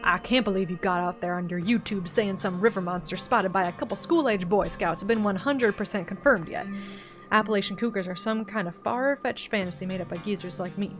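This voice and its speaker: A stubborn old backwoods man with a put-on Southern drawl growls and grumbles through a horror game scene, as a woman voices him. His talk is folksy and blunt, pitched in a middle range. Music plays steadily behind him. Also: a little fast, lightly acted. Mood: insistent. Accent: put-on generic Southern US. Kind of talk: voiced-over game dialogue.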